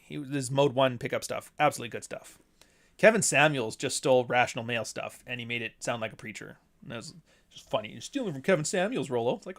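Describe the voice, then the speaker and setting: Animated profane man livestreaming. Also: mid-range voice. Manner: animated, laughing, profane storytelling. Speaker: livestream host and author. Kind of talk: casual livestream chat reading super chats.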